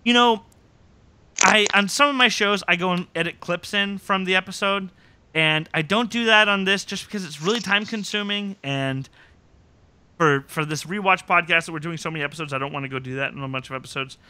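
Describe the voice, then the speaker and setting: Male podcast host, slightly high, bright voice, enthusiastic storyteller. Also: fairly quick, smooth, no room sound. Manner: animated storytelling, quotes scenes with relish. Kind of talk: casual recap chat.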